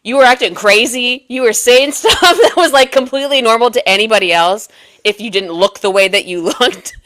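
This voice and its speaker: A young woman co-hosting a casual podcast chat, telling an animated story full of acted-out quotes and frequent laughter. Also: a little high, brisk. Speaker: podcast co-host.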